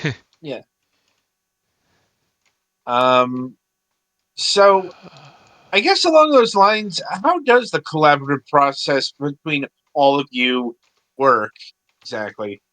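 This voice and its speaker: A man's voice: a little high, big pitch swings, takes it slowly, pauses often, bright, forceful tone, no room sound. A man hosting a casual interview, asking easygoing, rambling questions. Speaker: podcast host.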